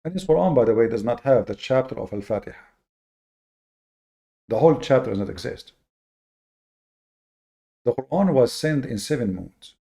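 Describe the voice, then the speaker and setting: A man hosting a lecture-style monologue, speaking with slow, deliberate emphasis, often repeating words and adding fillers. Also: mid-range voice, expressive, vocal fry, warm tone. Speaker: host.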